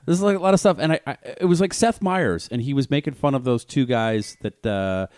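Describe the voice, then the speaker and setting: A man's voice: mid-range voice, animated, brisk, a little mellow, smooth, no room sound, clean studio sound. Rambling man in casual podcast banter. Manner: rambling, self-interrupting, laughs often. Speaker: podcast co-host. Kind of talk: casual chat.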